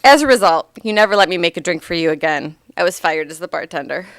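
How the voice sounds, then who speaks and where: A woman's voice: on the low side, animated, fast talker. Woman in her 30s reading a eulogy, heartfelt with little jokes, dry sound, no room echo. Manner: heartfelt, gently humorous reading. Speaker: granddaughter giving a eulogy.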